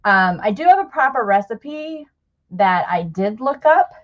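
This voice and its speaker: A middle-aged woman hosting a casual livestream chat with viewers, speaking in a heartfelt, halting way, on the edge of tears. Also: a little high, very animated. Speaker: livestream host. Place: home room with a table of craft supplies. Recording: dull lo-fi livestream audio.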